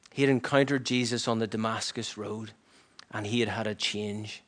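A man preaching a sermon in an earnest, reflective way, often dropping to a hushed near-whisper. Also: fairly low pitch, steady tone, normal speed.

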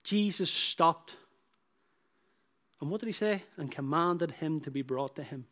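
A man's voice: on the high side, unhurried, fairly bright tone. A man preaching a sermon, building emphatic repeated phrases that rise in force. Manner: emphatic, repetitive preaching with rising bursts.

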